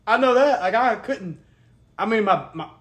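A man's voice: sits high, lively intonation, normal speed, a bit bright. A young man co-hosting a podcast, telling a rambling, profane story in casual chat and laughing as he goes. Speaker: podcast co-host.

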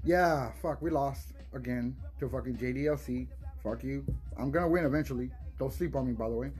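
A man's voice: mid-range voice, a little fast, a little mellow, soft background music. A young man hosting a casual solo podcast, rambling with lots of swearing, laughs and restarted words. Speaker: podcast host.

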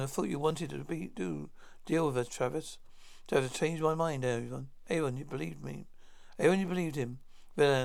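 A man with a fairly high, creaky voice reads a science-fiction script aloud, naming each speaker before their line. As narrator, he voices all the parts in a plain read-through.

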